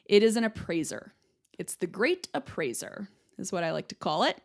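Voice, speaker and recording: A young woman hosts an educational podcast in a casual, chatty way. Her voice sits in a middle pitch, and she keeps checking in with her listeners as she explains. She teaches in a friendly, conversational manner. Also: sing-song, normal speed, gravelly. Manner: chatty, explains with analogies, checks in with "right?" and "okay?". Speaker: podcast host, speech-language pathologist.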